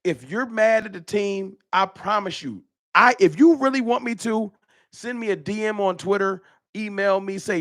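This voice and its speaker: A man hosting a casual live-stream fan talk show, animated and slangy, often repeating his words. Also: high-pitched, normal speed, no echo, studio quality.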